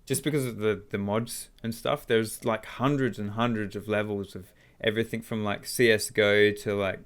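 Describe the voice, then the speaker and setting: Laid-back young man with a low voice. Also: steady tone, moderate pace, clear, resonant tone. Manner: laid-back, easygoing, trails off with fillers. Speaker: podcast guest, VR YouTuber. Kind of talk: casual podcast chat.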